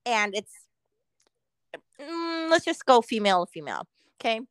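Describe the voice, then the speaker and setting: A middle-aged woman co-hosting a podcast, chatting casually with frequent laughs and quoted asides. Her voice sits fairly high and sounds dry and close to the mic. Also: big pitch swings, moderate pace, clear, resonant tone, dry recording, poor audio. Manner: chatty, laughing often, quoting others in voices. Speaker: podcast co-host. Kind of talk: casual chat.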